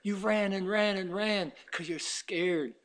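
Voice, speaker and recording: High bright voiced preacher man, goes from shouting to near whisper, acts out god and satan bits. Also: takes it slowly. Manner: swings from shouting to hushed tones; voices God and Satan in little acted quotes. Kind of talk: sermon.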